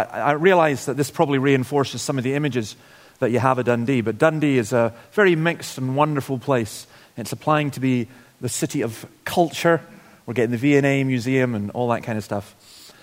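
A man's voice: medium pitch, brisk. A man from Scotland giving a guest sermon in a church, telling stories informally with wry asides. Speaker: guest preacher. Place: church hall. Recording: long hall reverb.

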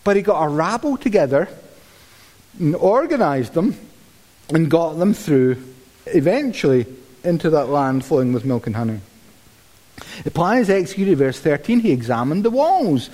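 A male preacher giving a sermon in a lively, conversational way, with dry humour and repeated words, in a church hall. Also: on the high side, moderate pace, pauses often.

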